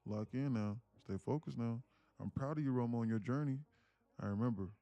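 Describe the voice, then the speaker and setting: A man's voice: medium pitch, fairly quick, warm tone, no echo. A man hosting a trading live stream in a loose, casual way, often repeating himself and restarting phrases as he reads the chat. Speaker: livestream trading host.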